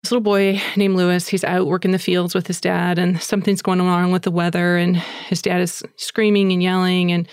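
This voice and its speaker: A woman's voice: fairly low pitch, flat delivery, normal speed, hardly any pauses, smooth, no room sound, clean studio sound. A woman hosting a podcast who retells a story in a chatty, breathless way, with fillers like "like" and "you know". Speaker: podcast host. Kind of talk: casual storytelling.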